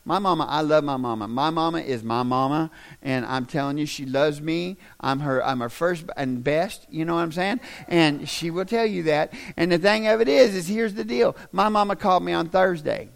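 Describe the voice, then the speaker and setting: A male pastor delivering a sermon as a humorous, conversational story that builds into loud, emphatic stretches. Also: a little high, normal speed, vocal fry, few pauses.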